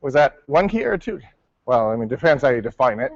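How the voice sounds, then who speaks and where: A man's voice: medium pitch, big pitch swings, a little fast, lo-fi sound. A male martial arts instructor teaching a class, calling out counts and coaching his students. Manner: barks counts, coaching and correcting.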